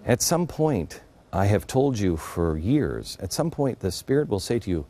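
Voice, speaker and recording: Middle-aged male talk host, low and mellow, earnest confiding monologue with a lively, swinging delivery. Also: unhurried. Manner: earnest, confiding, with sudden drops to a hush. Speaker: radio and TV show host. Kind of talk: monologue storytelling.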